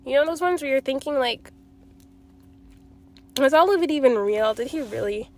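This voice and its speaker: A young woman with a high, light voice talks straight to her viewers in a confessional vlog. She sounds sad and close to tears. She rambles, circles back and swears often. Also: animated, normal speed, a little mellow. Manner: emotional, rambling, frequent swearing. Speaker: vlogger.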